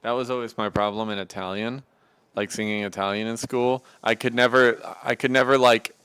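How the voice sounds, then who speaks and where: A man's voice: medium pitch, level tone, a little fast, fairly bright tone, smooth. A man co-hosting a casual cooking livestream, telling dry, joking stories. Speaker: livestream cooking show co-host. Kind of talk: casual chat.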